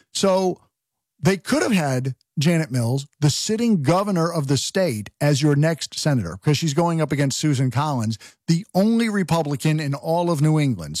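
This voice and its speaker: Animated, lively-pitched male radio host. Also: slightly rough, dry recording, studio quality. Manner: animated, rhetorical questions, frequent restarts. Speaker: radio talk show host. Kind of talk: political talk radio monologue.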